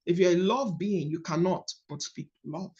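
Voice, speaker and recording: Animated Nigerian woman coaching. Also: fairly low pitch, normal speed, muffled recording. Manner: animated, storytelling, emphatic. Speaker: coach leading a book study call. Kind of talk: casual teaching talk.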